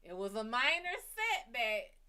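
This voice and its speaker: A woman's voice: fairly high pitch, unhurried. A woman hosting her own psychic reading show, telling a personal story in a blunt, casual way with plenty of cursing. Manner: blunt, heavy cursing, lively retelling. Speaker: psychic reader and show host.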